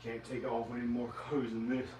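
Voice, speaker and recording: A man vlogging at home, muttering slowly and quietly to himself. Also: little pitch movement, roomy sound, recorded from a distance, background noise. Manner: slow, low muttering to himself. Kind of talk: rambling self-filmed vlog. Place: his house, indoors.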